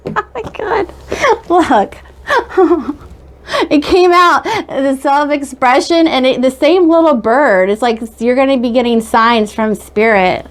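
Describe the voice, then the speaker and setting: A woman reading tarot in a loose, rambling, conversational way. Her voice sits a little higher than most, and she peppers her talk with quick "okay?" check-ins. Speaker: tarot reader.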